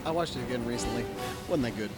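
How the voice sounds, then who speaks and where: A man's voice: mid-range voice, fast talker, over music, low-quality recording. A man co-hosting a casual chat, trading dry, wry quips. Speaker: podcast co-host.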